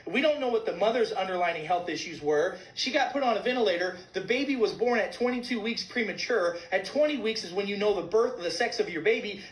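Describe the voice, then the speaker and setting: A man's voice: sits high, a bit bright. A man who is a physician delivering a heated, emphatic commentary on news articles, swearing freely as he talks. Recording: roomy echo.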